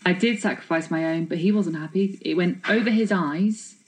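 A woman chats in a lively, self-mocking way, spinning anecdotes with a slightly low voice. Her talk rambles happily from one story to the next. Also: moderate pace, poor audio. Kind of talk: casual chat.

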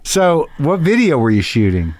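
A man hosting a podcast, talking in a rambling, profane, animated and self-deprecating way from a home studio. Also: a little high, moderate pace, no room sound. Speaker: podcast host. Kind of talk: monologue and casual interview.

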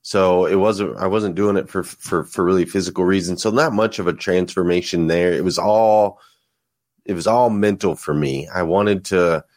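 Low-voiced earnest male podcast guest. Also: steady tone, moderate pace, a little mellow, no echo, studio quality. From United States. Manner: earnest, reflective, repeats words as he thinks. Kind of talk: casual conversation.

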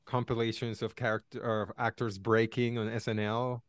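A man co-hosting a podcast in casual chat, laid-back and halting, often chuckling. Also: fairly low pitch, flat delivery, no room sound. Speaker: podcast co-host.

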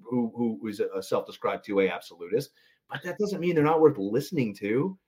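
A man's voice: mid-range voice, expressive, fairly quick, mellow. A man hosting a podcast, chatting casually, joking and swearing freely. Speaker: podcast host.

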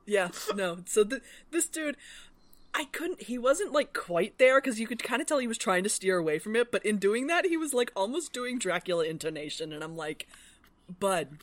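A woman co-host whose voice swings widely in pitch as she chats and laughs her way through a book discussion. She swears casually. The sound is dry and close, with no room around it. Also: sing-song, fairly quick, dry recording. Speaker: podcast co-host. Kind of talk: casual book-club chat.

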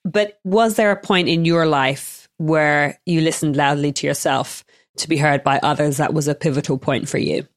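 A woman with a low voice hosts a podcast conversation, reflecting on and affirming what her guest says. Her voice is recorded dry, with almost no room echo. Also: fairly even intonation, normal speed. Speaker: podcast host. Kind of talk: conversational interview.

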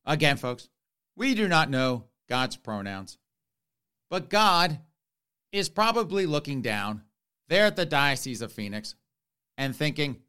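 Sarcastic, slow-talking male commentator. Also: a little high, very animated, bright, forceful tone, clean tone. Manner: mocking, ranting, addresses listeners as folks. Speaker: commentary host.

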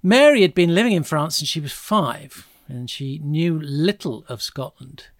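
A man's voice: a little high, expressive, a little slow, no echo, studio quality. A middle-aged man telling history in a casual, chatty way, with wry asides. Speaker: podcast host.

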